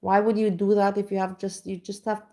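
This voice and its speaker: A woman's voice: medium pitch, level tone, a little fast, dark tone. A woman vlogger chatting casually at home, telling a rambling, self-mocking story full of restarts. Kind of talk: casual reaction chat. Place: home kitchen.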